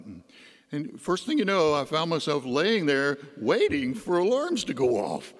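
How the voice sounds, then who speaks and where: A man's voice: fairly high pitch, big pitch swings, measured pace. A man, a deacon, giving a homily as a folksy personal story, his voice rising and dropping. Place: church. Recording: long church reverb.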